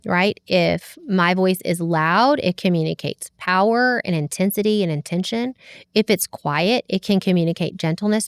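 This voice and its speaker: A woman's voice: on the low side, clear, resonant tone, no echo, clean studio sound. A woman talking through parenting in an earnest, reflective way as a podcast guest. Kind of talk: casual conversation about parenting.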